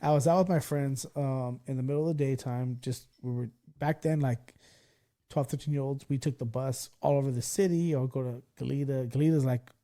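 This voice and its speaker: A man in his thirties hosting a podcast, telling a story in casual chat, animated, laughing and swearing freely. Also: mid-range voice, fairly quick. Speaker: podcast host.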